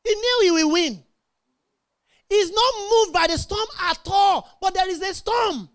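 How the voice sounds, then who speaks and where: A middle-aged woman preaches with a strikingly high voice. She stresses her points and keeps checking in with the congregation, asking if they are with her. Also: measured pace. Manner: emphatic, call-and-response with congregation. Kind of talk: sermon.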